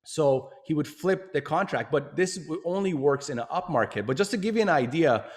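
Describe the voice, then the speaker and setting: A man's voice: a little high, expressive, fairly quick. A man hosting an interview, talking thoughtfully with fillers and restarts. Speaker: show host. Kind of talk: interview discussion.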